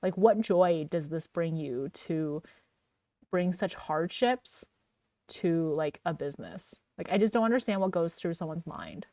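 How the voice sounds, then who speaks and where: A young woman co-hosting a podcast in a chatty, casual way, full of "like" fillers and quick laughs. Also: fairly low pitch, expressive, dark tone, no echo, recorded from a distance. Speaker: podcast co-host. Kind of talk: casual chat.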